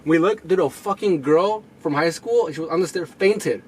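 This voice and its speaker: A man's voice: fairly high pitch, moderate pace, a little mellow, slightly rough. A young man co-hosting a podcast, telling rambling, profane stories and acting out what people said, recorded on camera audio. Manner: rambling storyteller, swears a lot, acts out quotes. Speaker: podcast co-host. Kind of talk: casual chat.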